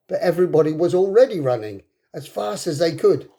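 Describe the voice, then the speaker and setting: A man reading a children's book aloud to a class, with expressive, dramatic delivery. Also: on the high side, brisk, creaky. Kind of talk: storybook read-aloud. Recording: echoey room.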